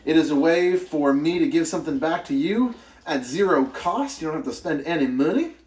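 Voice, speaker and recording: A man's voice: a little high, expressive, moderate pace, a little mellow. Chatty man cooking live. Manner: chatty, greets viewers by name, jokey. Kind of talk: casual live-stream chat. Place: home kitchen.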